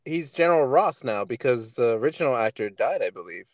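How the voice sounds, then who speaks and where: High voiced guy, real expressive, confused and laughing about a movie, dry sound. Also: a little fast, dry recording. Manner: bemused, laughs while talking. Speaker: podcast co-host. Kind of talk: casual movie review chat.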